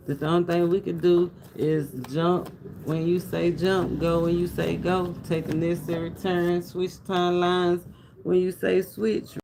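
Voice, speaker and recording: A man reads tarot cards for his viewers in a slow, unhurried delivery, his voice sitting a little high for a man. He circles back over phrases with a loose, preacher-like cadence and breaks off to speak to his audience directly. A faint hum runs underneath the recording. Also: vocal fry, darkish tone, poor audio. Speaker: tarot reader. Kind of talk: casual spoken tarot reading.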